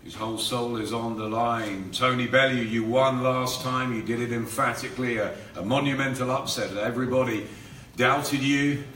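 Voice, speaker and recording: A man's voice: medium pitch, steady tone, moderate pace, fairly bright tone. A man hosting a boxing press conference, putting leading questions to the fighters and building them up. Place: hotel conference room. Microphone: room mic, heard from a distance. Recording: echoey room, distant mic, faint noise.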